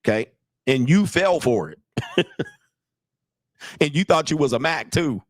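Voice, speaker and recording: A man's voice: a little high, lively intonation, measured pace, dry recording, studio quality. A man hosting a livestream, lecturing viewers in a blunt, profane way and laughing between points. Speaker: commentator, channel host. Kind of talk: livestream commentary rant.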